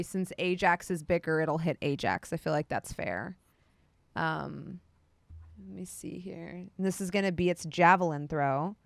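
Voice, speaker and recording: Young woman game master, slow, relaxed delivery, dry recording. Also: fairly low pitch, clear, resonant tone, no room sound. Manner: relaxed, chatty rulings with frequent laughs. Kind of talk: running a tabletop role-playing game.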